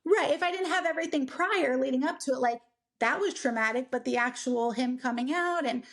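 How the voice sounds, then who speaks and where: A young woman co-hosting a podcast, telling a personal story in a casual, animated way and acting out what people said. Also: high voice, brisk. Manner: animated, acts out quoted people, many "like" fillers. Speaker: podcast co-host.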